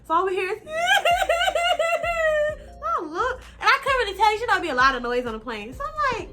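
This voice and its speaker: A young woman casually telling a personal story on her vlog, slangy, animated and now and then profane. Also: extremely high pitch, very fast, over loud music. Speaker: vlogger.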